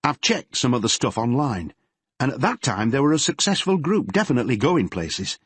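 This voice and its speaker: A man playing a brisk woman detective. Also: medium pitch, very animated, slightly rough, dry recording, pitched above the performer's own voice. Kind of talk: audiobook character reading.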